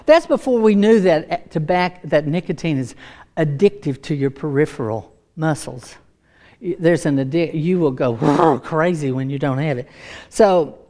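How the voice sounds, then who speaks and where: A middle-aged woman giving a sermon as a personal story, animated and laughing often, acting out voices. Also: deep voice, creaky. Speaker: preacher.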